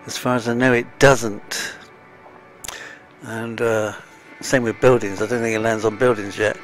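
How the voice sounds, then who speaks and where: A man's voice: fairly low pitch, flat delivery, unhurried. Man muttering through a game. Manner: chatty, muttering to himself with sighs. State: slightly out of breath. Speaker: game streamer. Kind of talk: casual let's-play commentary. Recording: faint game music behind.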